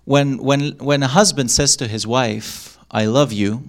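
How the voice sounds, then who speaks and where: A middle-aged man speaking to a live audience in an ordinary, mid-range voice. He talks in an animated way, acting out quoted lines and laughing often. His delivery is loose and conversational. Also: medium pitch, unhurried. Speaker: workshop speaker.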